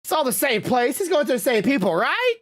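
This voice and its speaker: A woman co-hosting a podcast in casual chat, rambling with halting restarts and mild swearing. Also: high-pitched, big pitch swings. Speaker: podcast co-host.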